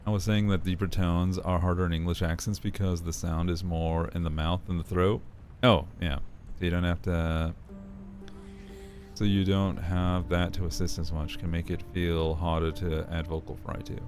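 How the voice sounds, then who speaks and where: A man's voice: low voice, flat delivery, moderate pace, darkish tone, soft background music. A man chatting casually and playfully on a live stream, laughing often.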